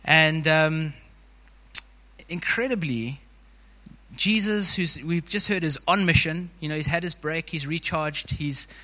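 A man's voice: on the high side, steady tone, normal speed, few pauses, sharp tone, long reverb tail. A man preaching a sermon to a congregation in a casual, conversational way, filling his sentences with "you know". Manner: informal, frequent "you know" fillers.

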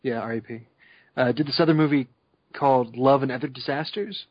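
A man's voice: mid-range voice, fairly quick, husky, no room sound. A man co-hosting a podcast in casual chat, rambling with lots of "like" and laughing as he talks. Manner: rambling, laughing, many likes. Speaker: podcast co-host. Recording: slightly dull dry recording.

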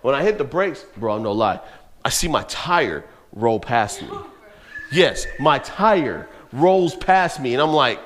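A man's voice: mid-range voice, expressive, slow, fairly bright tone, slight background noise. A young man preaching to teenagers, telling a story with casual slang and laughter. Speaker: youth pastor. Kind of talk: youth sermon with personal story.

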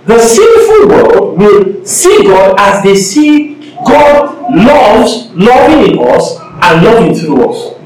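A man preaches with a high, very animated voice that swoops up and down. He is emphatic and acts out the people he quotes. The sound comes from a distant mic in a very echoey church. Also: takes it slowly. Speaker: pastor. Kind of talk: sermon. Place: church sanctuary.

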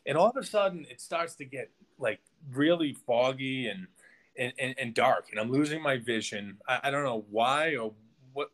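A man's voice: mid-range voice, fairly bright tone. A man, a podcast guest, telling a personal story in casual conversation, rambling with many restarts and "like"s.

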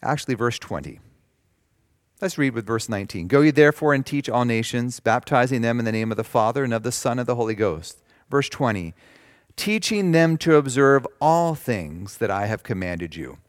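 A man preaching a sermon, reading scripture slowly with emphasis and explaining it in simple terms. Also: medium pitch, lively intonation, no room sound, studio quality. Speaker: pastor.

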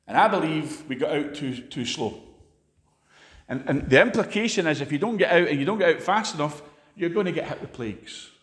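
Preaching with fire and passion, this man has a high-pitched voice, lively intonation, and a slightly fast pace. His sermon surges to loud, forceful climaxes before dropping to quiet asides.

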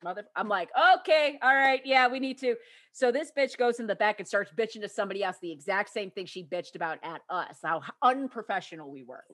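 A woman vents in a fired-up, swearing rant during casual podcast chat. Her voice sits at an ordinary pitch. It is recorded very dry and close, with no room sound. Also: expressive, quick pace, hardly any pauses, no room sound. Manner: profane, fired-up ranting. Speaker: podcast host.

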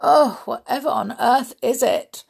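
A woman's voice: mid-range voice, lively intonation, drawn-out words, darkish tone. A woman doing a grumbly nonsensical man. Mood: playful.

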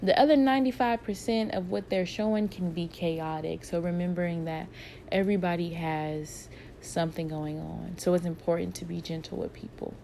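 A woman with a lowish voice that has a gravelly, fry-edged texture gives casual advice in answer to viewer questions. She talks in a reflective, encouraging way and keeps returning to her key points. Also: steady tone, moderate pace, dark tone, a little hiss or hum.

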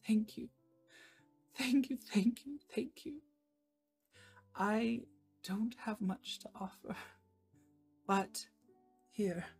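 A woman's voice: medium pitch, fairly even intonation, extremely slow, vocal fry, pauses often, slightly rough, pitched above the performer's own voice, heavily acted. A woman voicing a grateful, emotional middle-aged mother who pleads her thanks through tears, over faint guitar music. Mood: tearful gratitude.

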